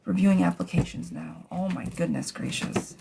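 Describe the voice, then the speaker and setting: A woman's voice: fairly low pitch, moderate pace, gravelly, husky. A woman doing a live-stream tarot reading, answering viewers' questions in a chatty, blunt way, swearing freely and calling them girl and love bug. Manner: gets riled up and rants, then calms herself. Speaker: tarot reader.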